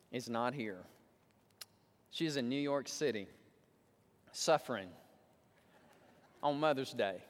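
Male pastor with a drawl, storytelling sermon, acts out his quotes, voice a bit high, reverberant sanctuary. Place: church sanctuary. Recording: long church hall reverb.

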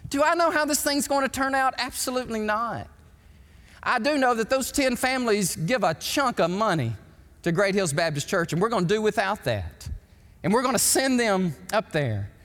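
A male pastor, preaching an emphatic, animated sermon in a church sanctuary. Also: high voice, moderate pace. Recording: long hall reverb.

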